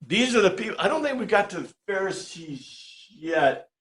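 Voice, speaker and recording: Animated male Bible teacher, roomy sound. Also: high-pitched, normal speed. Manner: conversational, animated, keeps asking "right?". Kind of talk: informal Bible study lecture.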